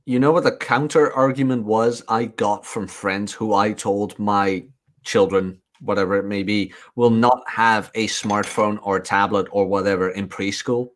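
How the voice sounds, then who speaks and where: A man's voice: on the low side, fairly even intonation, unhurried. A man co-hosting a podcast in candid, profane casual chat, often laughing. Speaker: podcast co-host.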